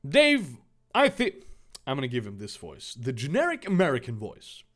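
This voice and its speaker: A man's voice: mid-range voice, huge pitch swings, moderate pace, fairly bright tone. A young man reading fan fiction aloud for comedy, with sarcastic asides and swearing.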